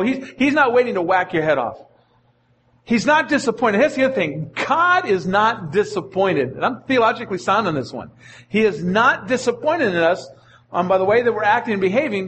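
A man's voice: high-pitched, fairly bright tone, a little hiss or hum. A male pastor preaching a sermon in an earnest manner, often repeating his phrases.

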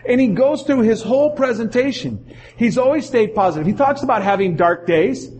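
A middle-aged male pastor preaching a sermon, telling stories in an animated way and acting out the quotes. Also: very high voice, fairly quick, a little hiss or hum. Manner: animated storytelling, acts out quotes.

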